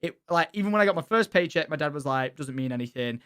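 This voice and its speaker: Animated young man. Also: a little high, fast, smooth. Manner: animated, swears freely, laughs often. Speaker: streamer. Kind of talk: casual stream chat.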